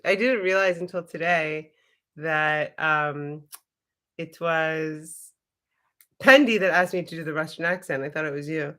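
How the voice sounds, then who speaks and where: A woman's voice: low voice, unhurried, a bit bright. Chatty, giggly woman hosting a livestream. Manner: chatty, giggly, swears freely, addresses viewers directly. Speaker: livestream host. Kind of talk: casual livestream chat.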